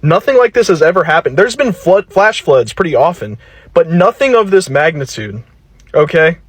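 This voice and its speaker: Man, fairly high voice, heated and sarcastic, dry sound. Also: big pitch swings, normal speed, slightly rough, dry recording. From western North Carolina. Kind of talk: angry reaction video.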